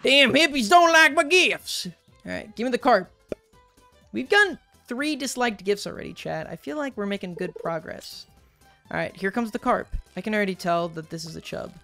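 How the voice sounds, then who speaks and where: A woman's voice: medium pitch, lively intonation, moderate pace, vocal fry, a bit bright. A woman in a mid-range voice chats through her gameplay, cracking jokes and talking to her viewers as she goes. Faint game music plays underneath her voice. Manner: playful, jokey, chatting to viewers. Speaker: gaming video host. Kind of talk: casual gameplay commentary.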